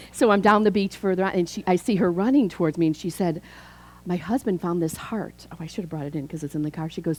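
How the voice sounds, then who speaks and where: A woman's voice: deep voice, darkish tone, slight background noise, low-quality recording. A woman in her fifties, a minister giving a chatty, conversational sermon, telling stories and acting out dialogue. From Chicago. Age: 50s. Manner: chatty storytelling, acts out dialogue.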